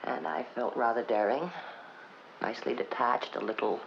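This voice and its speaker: A woman's voice: normal speed, vocal fry. A sardonic hard-drinking woman. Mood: wry. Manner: sardonic, theatrical, sweeping pitch swings. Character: wry, bitter woman, a heavy drinker. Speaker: actress in a filmed stage play. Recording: dull old film soundtrack with faint hiss.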